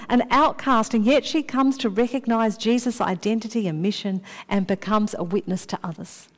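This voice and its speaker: A woman preaching a sermon in a measured way, slowing down to dwell on key phrases. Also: fairly high pitch. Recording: long reverb of a large hall.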